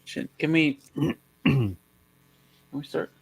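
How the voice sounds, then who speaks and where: A man co-hosting a casual livestream, joking and telling stories in a lively way. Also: on the high side, slow, creaky, husky. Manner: joking, storytelling, animated. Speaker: livestream co-host.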